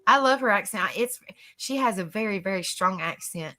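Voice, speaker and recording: A woman's voice: mid-range voice, animated, fairly quick, bright, forceful tone. A woman hosting a live stream, chatting casually with her panel, repeating herself and laughing easily.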